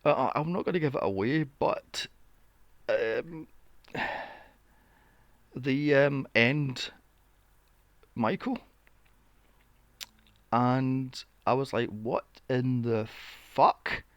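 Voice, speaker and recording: A man's voice: medium pitch, drawn-out words, long pauses, no echo, dull audio. A man hosting a podcast, ranting about films in a casual, exasperated and profane way. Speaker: podcast host. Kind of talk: casual film review rant.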